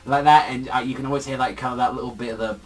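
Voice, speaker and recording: A man's voice: medium pitch, fairly even intonation, racing. A young man casually reviewing a manga chapter, rambling through fillers and swearing freely as he gushes. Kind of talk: casual spoken video review. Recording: far from the mic, faint music behind.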